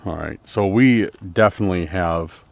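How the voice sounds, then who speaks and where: A man's voice: low voice, moderate pace, gravelly, slight background noise. A man vlogging to camera on a forest trail at night, rambling uneasily and packing his talk with fillers. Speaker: outdoor vlogger exploring trails.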